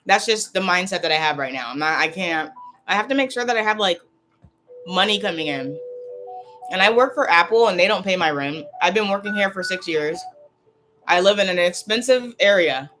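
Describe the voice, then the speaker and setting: A woman's voice: lowish voice, expressive, fairly quick, music in the background. A woman vlogger talking casually and tearfully to a livestream, upset and rambling, often repeating herself.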